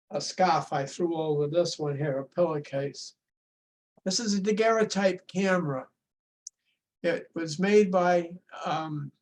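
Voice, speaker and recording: An older man, his voice sitting high for a man, tells a folksy story full of restarts. He is heard over a video call. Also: a little hiss or hum. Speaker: show-and-tell presenter.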